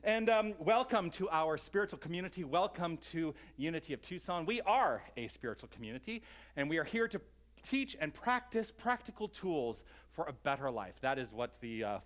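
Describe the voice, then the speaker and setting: A man serving as minister leads an online sermon, his voice on the high side and a bit bright. Earnest and inviting, he addresses his listeners directly while sounding slightly out of breath.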